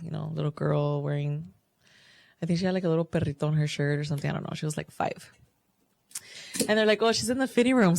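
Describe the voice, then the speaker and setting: Lowish-voiced bilingual woman telling stories. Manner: candid storytelling, switches into Spanish, swears casually. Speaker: podcast co-host. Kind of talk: casual chat.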